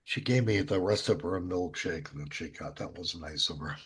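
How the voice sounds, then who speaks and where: A man hosting a casual chat among DJs, asking his co-hosts questions in an animated way. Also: low voice, normal speed, slightly rough. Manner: animated, asks probing questions. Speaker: DJ show host. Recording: muffled lo-fi audio.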